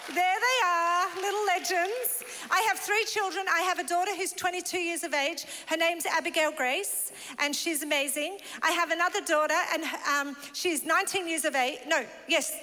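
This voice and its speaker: A woman's voice: very high-pitched, moderate pace, hardly any pauses, sharp tone. A woman pastor from Northern Ireland, preaching in a bubbly, laughing, chatty way. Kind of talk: sermon. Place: large church hall. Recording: long church hall reverb.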